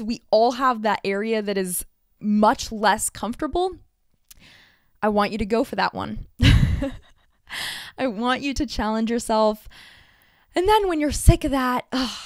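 Fast-talking bubbly woman podcast host. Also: medium pitch, no room sound, clean studio sound. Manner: fast, bubbly, laughs often. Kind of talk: solo podcast talk.

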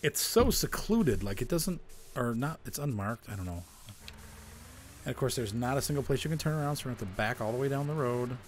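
A man's voice: medium pitch, expressive, brisk, slight background noise. A man hosting a casual gameplay video, chatting and grumbling about game glitches as he plays. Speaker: gaming video host.

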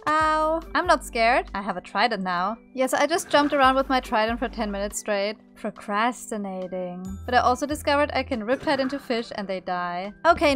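A woman's voice: high voice, fairly bright tone. A woman narrating her game playthrough in a playful way, easily startled and chatting to the creatures on screen. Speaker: gaming video creator.

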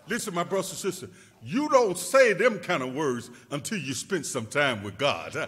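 A male pastor preaching a sermon, rising to shouts and dropping to a hush, repeating words and calling out to his congregation. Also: very animated, moderate pace, breathy edge. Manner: rising to shouts then dropping low and quiet.

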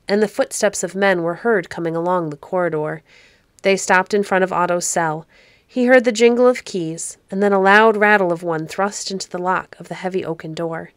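A woman narrating a classic children's novel aloud, measured and expressive. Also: on the low side, dry recording. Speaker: storyteller.

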